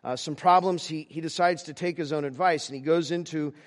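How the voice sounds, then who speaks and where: A male pastor preaching a sermon, halting with many restarts, moving between emphatic lines and hushed ones. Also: a little high, steady tone.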